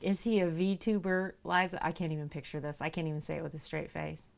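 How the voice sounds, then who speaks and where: Here a woman livestreams at a slightly quick pace, her tone steady and creaky. It's relaxed stream chat: she laughs often, reads out viewer messages, and switches to a high, sing-song voice to address her cats.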